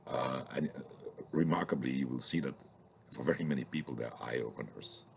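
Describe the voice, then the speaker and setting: A man's voice: very deep voice, normal speed, gravelly, background noise. A middle-aged man lecturing informally on sociolinguistics, thoughtful and hesitant, with many fillers and restarts.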